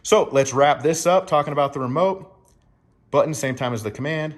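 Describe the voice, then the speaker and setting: A man's voice: medium pitch, lively intonation, brisk. A man explaining dog training to owners in an emphatic teaching tone, often checking in with "right?". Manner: emphatic, keeps asking "right?".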